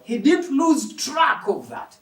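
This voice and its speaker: Animated preacher man in an echoey hall. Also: extremely high pitch, takes it slowly. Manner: animated, emphatic, asks the congregation questions. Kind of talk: sermon. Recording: echoey hall, mic from a distance.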